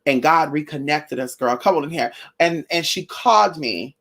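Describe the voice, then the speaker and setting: Woman, casual storytelling vlog, animated, blunt, profane, talks to viewers as y'all and honey. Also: low voice, moderate pace. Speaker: spiritual vlogger.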